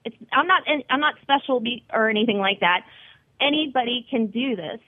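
A woman's voice: a little high, lively intonation, normal speed, no echo. A woman being interviewed over the phone, speaking earnestly and encouragingly about her own experience. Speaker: guest, wellness site founder. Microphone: telephone. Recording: tinny phone line.

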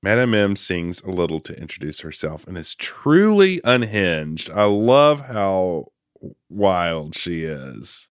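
A man hosting a casual podcast, retelling a film's plot with lively delivery and quick quoted voices. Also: deep voice, smooth, dry recording, studio quality. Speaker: podcast host recapping a film.

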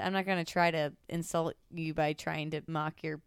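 A woman's voice: fairly low pitch, brisk, a bit bright, smooth, no room sound, clean studio sound. A woman guest on a podcast, chatting animatedly and often trailing off and restarting. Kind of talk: casual chat.

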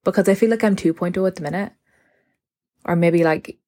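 A woman in her mid-twenties chatting alone into her phone for her podcast. Her voice sits a little low for a woman. She rambles, fills her talk with "like" and keeps correcting herself. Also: fairly quick, mellow. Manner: chatty, rambling, heavy use of "like", self-correcting. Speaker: podcast host. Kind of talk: casual solo podcast chat.

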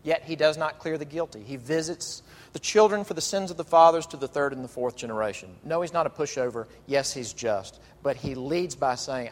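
Man, pastor, sermon, emphatic, slightly high voice, long hall reverb. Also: slight background noise. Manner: animated, emphatic preaching with drawn-out phrases.

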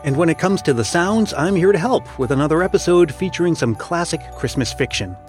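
Gentle male storyteller with soft music. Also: on the high side, expressive, fairly quick. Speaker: podcast host and storyteller. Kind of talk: scripted narration of a classic story.

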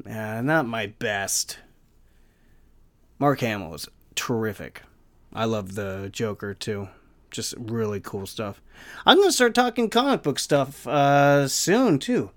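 Casual male podcast host doing a solo rant; animated delivery, lots of pitch movement, rambling. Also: normal speed. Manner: rambling, animated, swearing, self-deprecating. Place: home room with the fan off.

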